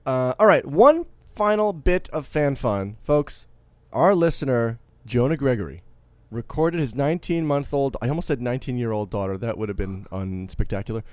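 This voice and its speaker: A man's voice: medium pitch, lively intonation, moderate pace, dry recording. A man in his thirties co-hosting a podcast in casual, joking, rambling chat. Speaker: podcast co-host.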